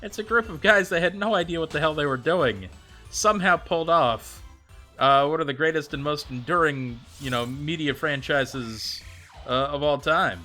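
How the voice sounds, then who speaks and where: A man's voice: fairly high pitch, normal speed, bright, forceful tone, soft background music. A man streaming and chatting casually with viewers, rambling with plenty of fillers and answering them by name. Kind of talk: casual livestream chat.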